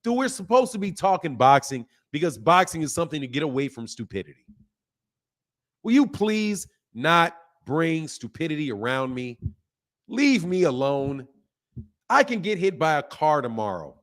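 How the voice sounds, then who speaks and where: A man in his fifties hosting a boxing stream and talking straight back to his chat. He sounds fed up and animated, and his voice sits fairly high and swings a lot. The talk is loose and unscripted. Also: moderate pace. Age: 50s. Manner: animated, exasperated ranting at chat. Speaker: boxing channel host. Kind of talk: live stream chat reading comments.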